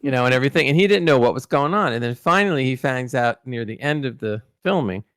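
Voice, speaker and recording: A man's voice: medium pitch, fast talker, clear, resonant tone, no echo, clean studio sound. A man hosting a podcast, telling behind-the-scenes stories in a rambling, casual way with many restarts. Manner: rambling, many restarts and fillers, animated in anecdotes. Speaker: podcast host recalling interviews. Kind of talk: casual storytelling chat.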